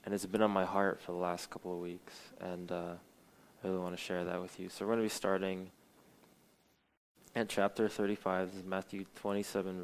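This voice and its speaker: A young man delivers an earnest sermon, reading scripture and stopping to explain it. His voice sits low and stays fairly flat, and he often restarts his sentences with fillers. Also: vocal fry, slight background noise, low-quality recording. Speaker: preacher.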